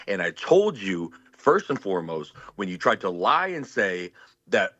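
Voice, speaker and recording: A man's voice: low voice, sing-song, unhurried, bright, forceful tone, no room sound. Furious, swearing man on a lo-fi line. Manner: furious, threatening, swearing constantly. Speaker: guest on a live stream. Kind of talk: angry profane rant.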